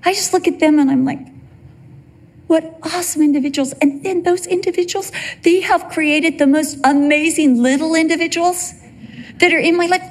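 A woman in her fifties preaching a sermon with an emotional, expressive delivery. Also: very high-pitched.

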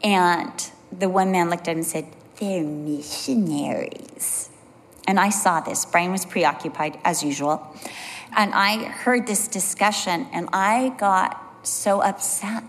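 A woman preaching a sermon, telling personal stories in an animated way and dropping to a low, soft voice for emphasis. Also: measured pace. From California. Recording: long hall reverb.

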